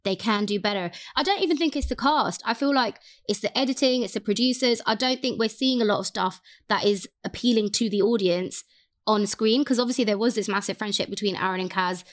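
A woman co-hosting a podcast, talking in a chatty, animated way and often quoting others. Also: mid-range voice, brisk. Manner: chatty, animated, lots of quoted voices. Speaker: podcast co-host. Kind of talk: casual chat.

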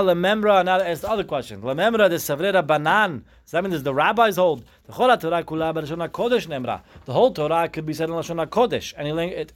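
Man teaching a Talmud class. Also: high-pitched. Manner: chanting Aramaic phrases then explaining them in English.

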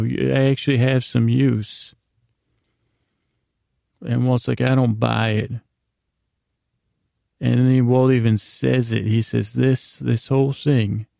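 Man, flat even delivery, dry close sound, casual recap, loose storytelling. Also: medium pitch, vocal fry, no room sound. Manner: loose storytelling, many "he goes" and "like" asides. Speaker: podcast host.

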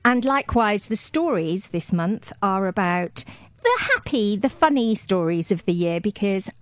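A woman hosts a relaxed studio podcast, her voice bouncing lively up and down. She is chatty and quick to laugh. The sound is close and dry. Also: mid-range voice, no room sound. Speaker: podcast host. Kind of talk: casual chat.

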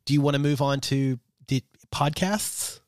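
A man's voice: medium pitch, a little slow, no room sound, studio quality. A man in his forties, an opinionated podcast co-host chatting casually and swearing now and then. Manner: opinionated, swearing, animated when excited. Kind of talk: casual chat.

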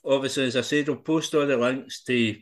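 A man's voice: medium pitch, fairly even intonation, brisk. A man hosting a podcast, asking his guest casual questions and wrapping up the show. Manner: laughs along, short interjections. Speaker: podcast host. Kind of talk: casual interview chat.

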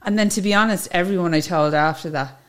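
A woman's voice: lowish voice, fast talker, fairly bright tone. A woman with an Irish accent, a funeral director chatting as a podcast guest, telling her story in a loose, talkative way and laughing easily. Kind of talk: casual chat.

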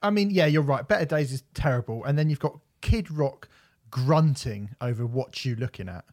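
A man's voice: mid-range voice, expressive, normal speed, a little mellow. A man, ranting and swearing as a podcast co-host in a casual album review.

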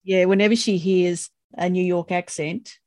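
A woman's voice: fairly low pitch, fairly even intonation, normal speed, a little mellow, no room sound. Woman co-host, dry close sound. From Australia. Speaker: podcast co-host. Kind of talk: casual chat and trivia quizzing.

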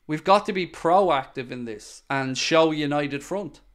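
A man's voice: on the high side, unhurried, a bit bright. A man hosting a casual live-stream podcast, answering viewer comments bluntly and swearing when worked up.

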